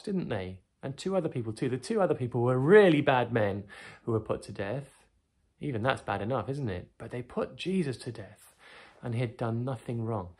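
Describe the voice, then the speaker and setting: A children's teacher telling and reading a Bible story, often asking the children tag questions. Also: mid-range voice.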